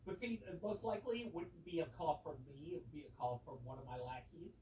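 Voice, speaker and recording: A man's voice: on the high side, fast, darkish tone. A man in casual chat who rambles, brags and laughs often. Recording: echoey, distant, faint noise.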